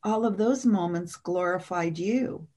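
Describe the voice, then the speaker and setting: Woman voicing a being of light, soft, slow, lowish, gentle storytelling. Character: calm, loving genderless being of light.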